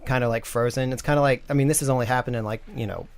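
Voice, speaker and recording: A man's voice: mid-range voice, steady tone, rapid-fire. A young man narrating a tabletop game as game master, casual and rambling with many fillers.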